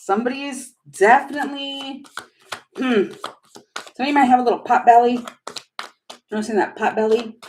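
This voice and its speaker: A woman's voice: on the high side, fairly even intonation, normal speed, pauses often, darkish tone, a little hiss or hum, low-quality recording. Giggly woman tarot reader. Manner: giggly, chatty, flustered. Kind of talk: live tarot reading chat.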